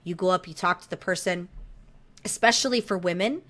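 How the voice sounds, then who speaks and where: A woman co-hosting a podcast, telling a story in casual chat, animated, swearing freely, with laughs and frequent throat clearing. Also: fairly low pitch, brisk. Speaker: podcast co-host.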